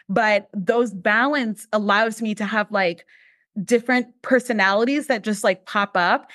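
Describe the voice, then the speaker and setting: A woman guest astrologer chatting on a podcast, bubbly and expressive, laughing often. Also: medium pitch, dry recording, studio quality. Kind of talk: casual podcast chat.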